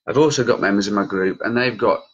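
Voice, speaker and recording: A man in his late 30s with a lowish, breathy-edged voice talks quickly, and the audio sounds dull. He's a cannabis campaigner and group leader, speaking directly to viewers in a heated, passionate vlog reacting to the news.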